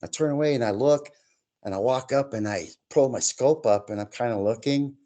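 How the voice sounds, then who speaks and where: Male guest storyteller, mid pitch, lively delivery that acts out the other people in his stories. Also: normal speed. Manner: animated, acts out quoted voices. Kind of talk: telling personal paranormal stories.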